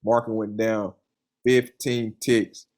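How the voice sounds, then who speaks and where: A man's voice: fairly low pitch, little pitch movement, slow pace, darkish tone. Young man telling his story casually. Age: young adult. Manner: loose storytelling, full of "you know" and "man"; earnest and enthusiastic. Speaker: funded trader, interview guest. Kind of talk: casual conversational interview.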